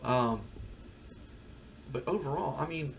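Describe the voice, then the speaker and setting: A gaming video creator rambles in a relaxed way through a wrestling management game for his channel, using lots of fillers. His voice is medium-pitched and slow with vocal fry, and there's slight background noise.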